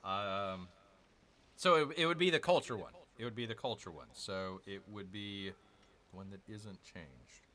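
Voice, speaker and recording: A man's voice: lowish voice, a little slow, bright, forceful tone, slight background noise. A man hosting a gaming channel, chatting casually through a strategy game, repeating himself and calling viewers "people". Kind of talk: casual let's-play commentary.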